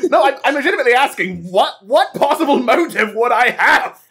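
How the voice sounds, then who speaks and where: A woman's voice: high-pitched, expressive, fairly quick, fairly bright tone, husky, heavily acted. A woman voicing a defensive male doctor in an amateur online audio drama, talking in an indignant, flustered way.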